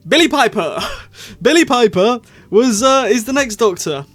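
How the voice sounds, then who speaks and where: A man giving a casual, rambling spoken review, opinionated and full of restarts and quick laughs. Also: very high-pitched, animated, a bit bright, faint music behind. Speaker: show reviewer.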